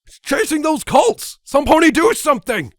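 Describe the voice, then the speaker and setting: Panicked cartoonish ponies, screaming shrill and loud, dry recording. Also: male voice, big pitch swings, moderate pace, no room sound, exaggerated voice. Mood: terrified. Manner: screaming hysterically.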